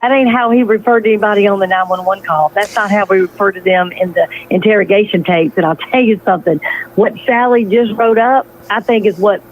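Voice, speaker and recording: A woman's voice: mid-range voice, fairly even intonation, fairly quick, poor audio. A woman with a Southern US accent chats casually in a folksy, teasing way and laughs often. Her voice sits in a middle register, with faint background noise underneath. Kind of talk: casual chat.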